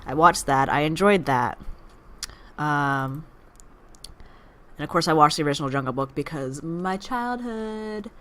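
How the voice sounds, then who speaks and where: A woman's voice: low voice, a little slow, pauses often, a bit bright. A woman hosting a gaming channel, chatting through let's play commentary in a rambling, distracted way and teasing the game's character. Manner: playfully teasing the game character.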